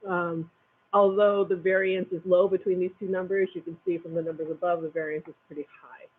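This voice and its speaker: A man with a high, husky voice walks a school board through the budget numbers. He pauses often between figures. The sound is thin and tinny, like a phone line. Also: level tone. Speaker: finance report presenter at a school board meeting. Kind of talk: reading out a budget report. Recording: tinny phone-like meeting recording.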